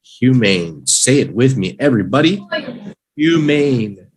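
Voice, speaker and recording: In a rough recording, a man with a mid-range, very animated, slightly rough voice leads a live online lesson on English vocabulary. He drills every word slowly and cheers learners on playfully.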